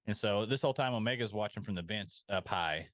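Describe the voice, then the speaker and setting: A man's voice: lowish voice, brisk, a bit bright, no echo. A man co-hosting a podcast, talking casually about an episode with many ums and restarts. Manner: hesitant, lots of ums and restarts. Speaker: podcast co-host.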